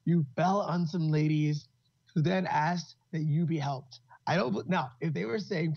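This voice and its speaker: A man with a husky, slightly raised voice ribs his co-host with dry, profane teasing. The recording is dull and muffled, with no room sound around him. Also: fairly high pitch, normal speed, no echo. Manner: dry teasing banter, swears. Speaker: podcast co-host. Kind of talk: casual chat.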